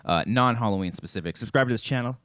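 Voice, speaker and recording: A man's voice: medium pitch, quick pace, fairly bright tone, no room sound, studio quality. A young man hosting a podcast and running through plugs in a loose, swearing, offhand way. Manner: swearing, loose promo reads. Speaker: podcast host. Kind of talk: casual chat.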